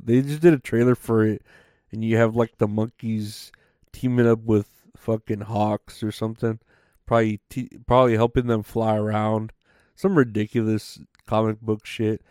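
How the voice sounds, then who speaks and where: A man's voice: on the low side, flat delivery, normal speed, warm tone, smooth, no room sound, clean studio sound. Rambling, foul-mouthed male podcast host. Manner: rambling, profane, full of fillers. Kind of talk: casual comedy podcast monologue.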